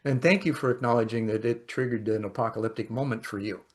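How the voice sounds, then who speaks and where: A man's voice: medium pitch, fairly even intonation, fast talker. A man hosting a conversation podcast, musing and often ending thoughts with "right?". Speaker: podcast host. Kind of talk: casual conversation.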